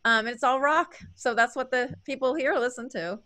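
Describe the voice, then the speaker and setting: Bright, bubbly woman co-host. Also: high voice, moderate pace. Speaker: podcast co-host. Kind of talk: casual interview chat.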